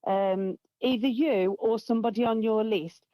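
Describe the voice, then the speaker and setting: A woman's voice: on the high side, normal speed, warm tone, dry recording. A middle-aged woman with a Birmingham accent, calling in to a radio-style phone-in, chatty and self-deprecating. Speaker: caller. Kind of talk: casual phone-in chat. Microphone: phone line. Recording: dull dry phone audio.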